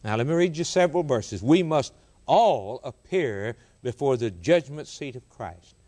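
A man preaching a sermon, rising in pitch to quote scripture and repeating key words for emphasis. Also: expressive, unhurried, mellow.

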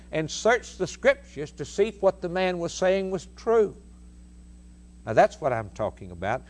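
A man preaching a sermon, emphatic and stressing points by repeating phrases. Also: a little high.

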